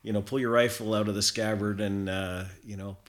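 A man's voice: on the low side, steady tone, fairly quick. A man from Canada telling a long anecdote as a guest in a casual chat, rambling with lots of fillers and restarts.

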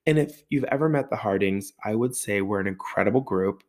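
Low-voiced male storyteller, animated, casual, a bit profane. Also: a little fast. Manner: animated storyteller with sound effects and swearing. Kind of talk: storytelling monologue.

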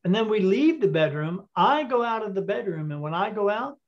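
A man telling a story as an interview guest, animated and acting out the dialogue, with frequent fillers. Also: high-pitched, moderate pace. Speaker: interview guest, intuitive reader. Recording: dull lo-fi audio.

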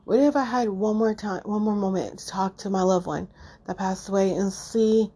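A middle-aged woman speaks in a husky, mellow voice, halting and restarting as she talks off the cuff. She sounds choked up and close to tears. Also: medium pitch. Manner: halting, emotional, many fillers and restarts. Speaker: podcast host. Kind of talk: unscripted personal monologue.

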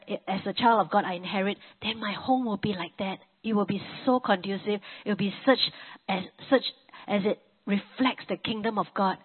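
A woman's voice: mid-range voice, husky. A woman preaching a sermon in a conversational, personal-testimony style, often saying "you know" and restarting her sentences. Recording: narrow phone-like sound.

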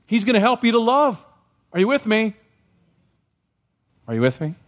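A man's voice: sits high, big pitch swings, normal speed. A man preaching a sermon as pastor, often checking in with the congregation with questions. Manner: asks the congregation questions, rising when stirred.

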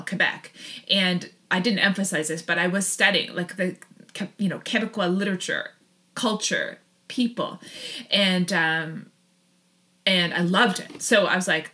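A woman's voice: lowish voice, sharp tone. A woman in her thirties, a podcast guest, telling a long personal story in a rambling, self-interrupting way with frequent laughs.

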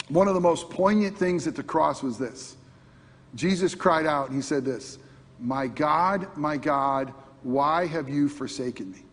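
A man preaching a sermon to his congregation, asking rhetorical questions and swinging between loud emphasis and quiet intensity. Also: high-pitched, breathy edge. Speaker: pastor. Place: church sanctuary. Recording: long hall reverb.

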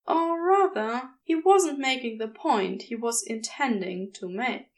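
A woman reading a fan story aloud as a podfic, in a measured, steady narration. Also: fairly high pitch, distant mic. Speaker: podfic reader. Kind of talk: audiobook narration.

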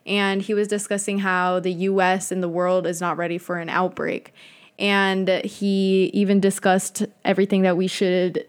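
A woman's voice: mid-range voice, smooth. A young woman talking casually to camera in a chatty, conspiratorial monologue with slangy asides.

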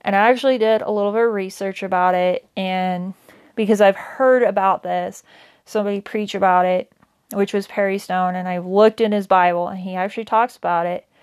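A woman's voice: medium pitch, fairly even intonation, brisk, darkish tone, smooth. A woman teaching a daily Bible reading in a casual, conversational way, with many fillers and self-corrections. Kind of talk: casual Bible study talk.

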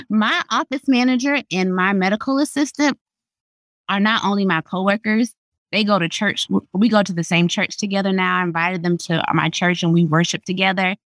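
A woman's voice: medium pitch, fairly even intonation, normal speed, fairly bright tone, no echo. A woman in her thirties, a pediatrician, sharing earnest, emphatic testimony as a podcast guest. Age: 30s. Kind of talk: faith podcast interview.

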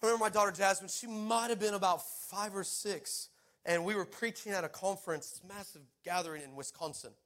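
High, bright-voiced preaching man. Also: a little fast. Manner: animated, laughs through stories, rises to shouting exhortation. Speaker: pastor. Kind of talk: sermon with storytelling. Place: church service.

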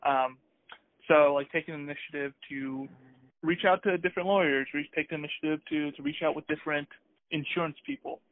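A man's voice: on the high side, animated, fairly quick. A man co-hosting a podcast, chatting in a hesitant, upbeat way full of restarts. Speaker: podcast co-host. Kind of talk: casual conversational chat. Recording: tinny phone-like sound, dry.

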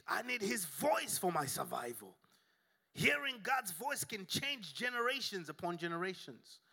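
A man's voice: high-pitched, vocal fry, sharp tone. A male pastor preaching a sermon in a church, emphatic and humorous, calling out for responses from the congregation.

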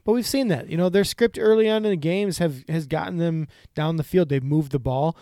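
Guy with a kinda high voice breaking down football plays on a podcast, measured, dry close mic. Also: dark tone, no echo. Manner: analytical, measured, with fillers. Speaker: podcast co-host. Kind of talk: casual sports chat.

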